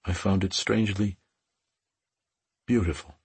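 A man voicing a tender, protective immortal lover, speaking softly and gently. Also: low-pitched, fairly even intonation, unhurried, husky, dry recording, heavily acted.

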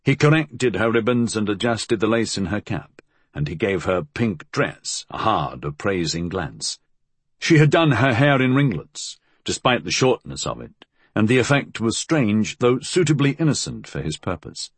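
Husky low-voiced male audiobook narrator. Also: big pitch swings, moderate pace, dry recording.

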